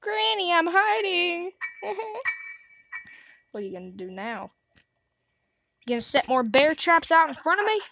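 A woman's voice: high-pitched, big pitch swings, moderate pace, vocal fry, long pauses, fairly bright tone, low-quality recording. A woman giving let's play commentary on a horror game, jumpy, gasping and talking back to the game. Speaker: gamer.

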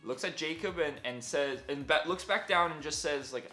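A man's voice: on the high side, expressive, normal speed, few pauses, sharp tone. A young man telling a story in a casual, self-deprecating way, with many fillers. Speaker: vlogger. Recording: echoey room with faint music.

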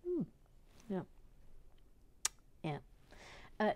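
Lady chatting slow and soft while building stuff, kinda high voice, lots of little whispery murmurs. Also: animated. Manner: soft-spoken, drifting between murmurs and whispers, gently playful. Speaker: host of a relaxed brick-building stream reading viewer comments. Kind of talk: casual chat while building.

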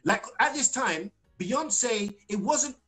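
A British singer telling stories as a guest in a casual live-stream interview, animated and full of fillers, restarts and acted-out quotes. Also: male voice, high-pitched, slow pace, soft background music, low-quality recording. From Britain.

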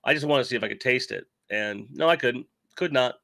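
A middle-aged man, still sick after covid, chats loosely through a toy live stream. His voice is gravelly and bright-edged, and it sits close and dry on the mic. He rambles and pokes fun at himself as he answers chat. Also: medium pitch, fairly quick, no room sound. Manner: rambling, self-deprecating, reads chat aloud. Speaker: toy channel host.

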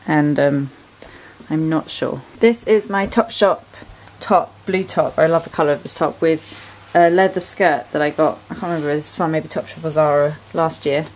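A woman's voice: low-pitched, steady tone, moderate pace, low-quality recording. Chatty English woman in her twenties. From England. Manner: chatty, rambling, lots of ums and likes. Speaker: vlogger. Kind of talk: casual vlog chat. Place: bedroom at home.

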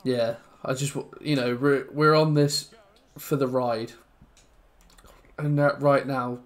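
Taking it slowly, a young man from England narrates his football video game for YouTube in a casual, meandering way. As the match turns, his mid-range voice moves between gloomy low mumbles and loud bursts of excitement.

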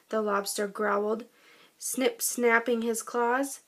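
A woman reading a children's storybook aloud in a gentle, expressive way. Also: fairly high pitch, measured pace. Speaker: storybook narrator.

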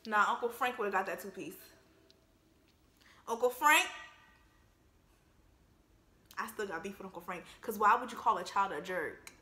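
A young woman giving casual, joking movie commentary in an emphatic, animated way. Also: mid-range voice, normal speed, reverberant. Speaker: vlogger reacting to a film.

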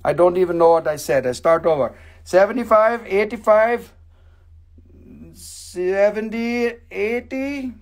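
A man's voice: sits high, a little slow. A man hosting a live stream and selling rocks and crystals, with a playful, rambling, joking sales patter that repeats itself.

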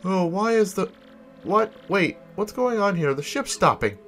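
A man's voice: sits high, expressive, a little slow, fairly bright tone, faint music behind. A man giving casual, offhand commentary while playing a video game. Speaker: let's play host.

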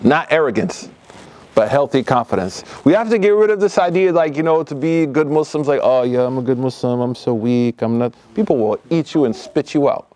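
A middle-aged man speaks to a room of young people in a mosque hall. His pitch is an ordinary middle level for a man, and he talks in relaxed, slangy street language. His delivery stays lively as he acts out the people in his stories. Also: a little fast. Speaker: lecturer at a youth study circle. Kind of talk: informal religious lecture to youth. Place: mosque hall, live audience.

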